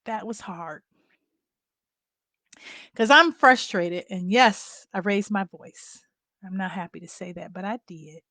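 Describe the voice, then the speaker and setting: A woman's voice: mid-range voice, takes it slowly, long pauses, sharp tone, dry recording. Candid middle-aged woman, dry close sound. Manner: candid, conversational, addresses viewers as y'all. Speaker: family caregiver. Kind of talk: personal storytelling vlog.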